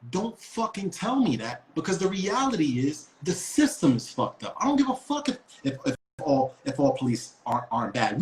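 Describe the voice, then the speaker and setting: Profane storytelling man in a roomy space. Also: a little high. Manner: profane, emphatic, with many restarts. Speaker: podcast co-host. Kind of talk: casual storytelling. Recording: roomy echo.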